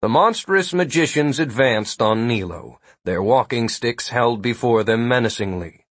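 A man narrating a fantasy story in a measured audiobook style. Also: medium pitch, animated, no room sound. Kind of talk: scripted narration.

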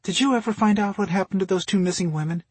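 A man voicing a chatty, teasing diner waitress in a raised, husky voice. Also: sits high, fast talker, a little mellow, no echo, voice pushed up. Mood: uneasy. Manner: cheerful, teasing.

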